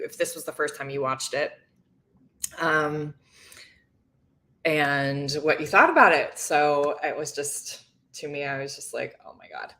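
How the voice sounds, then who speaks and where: A woman's voice: sits low, sharp tone. A woman hosting a casual livestream, chatting, laughing and reading viewer comments aloud. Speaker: livestream host reacting to a reality show.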